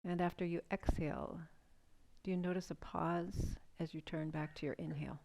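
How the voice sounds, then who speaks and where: A woman leading a chair yoga breathing session, speaking in a calm, gentle way and posing soft questions for the listener to notice. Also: fairly low pitch, normal speed, gravelly. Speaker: yoga instructor.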